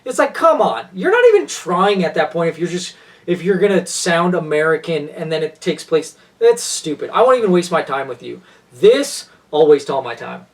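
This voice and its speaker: A man talking in a fairly high voice, enthusiastic and gushing as he rambles through his thoughts with frequent restarts. He sits a little back from the microphone, so the sound is slightly distant. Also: big pitch swings, normal speed. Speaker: podcast co-host. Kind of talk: casual chat.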